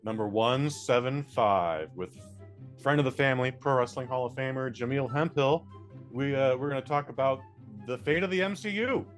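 A man's voice: mid-range voice, normal speed, soft background music. A man co-hosting a podcast in casual chat, telling blunt, profane anecdotes. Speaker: podcast co-host.

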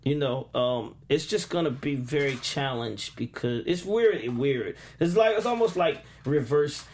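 A man in his forties, a guest in a studio interview, talking in a loose, relaxed way with plenty of fillers and restarts. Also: mid-range voice, unhurried, a little hiss or hum. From United States. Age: 40s. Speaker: interview guest, music producer. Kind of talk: casual interview chat. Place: radio studio.

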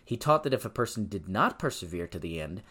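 A man hosting a podcast, teaching the Bible in a preaching style. He speaks emphatically, swings from loud insistence to quiet stress, and reads scripture in a slower, measured cadence. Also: fairly low pitch, very animated, breathy edge. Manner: conversational asides and tag questions.

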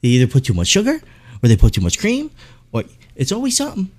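A man's voice: mid-range voice, huge pitch swings, fast talker, voice pushed up. A man mimicking an older woman customer who nags about her coffee. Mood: whiny. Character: complaining older female customer, fussy.

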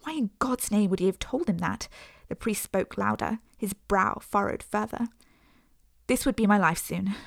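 A woman narrating a first-person story as an audiobook, in a measured, earnest way. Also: medium pitch, vocal fry, no echo, clean studio sound.

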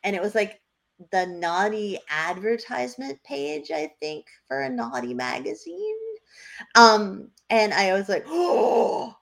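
A woman's voice: medium pitch, unhurried, vocal fry. A woman from New Hampshire co-hosting a podcast, telling stories in casual chat and laughing often. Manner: lively storyteller who laughs often. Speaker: podcast co-host.

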